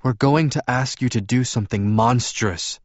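A man's voice: mid-range voice, normal speed, no room sound, lo-fi sound, voice pushed up, close to an everyday voice. A man voicing an intense young man who speaks in a solemn, earnest way.

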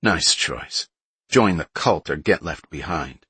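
A man's voice: very deep voice, expressive, takes it slowly, sharp tone, husky, no echo, heavily acted. A man voicing a rude, suspicious bully who scoffs at what he hears, in an audiobook. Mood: sneering. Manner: blunt, scoffing.

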